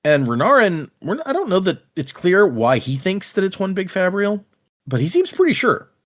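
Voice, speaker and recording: A man's voice: high-pitched, moderate pace. A man co-hosting a podcast, retelling a book's scenes in casual chat, full of "like" fillers. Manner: animated retelling, frequent "like" fillers. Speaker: podcast co-host. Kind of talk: casual book discussion chat.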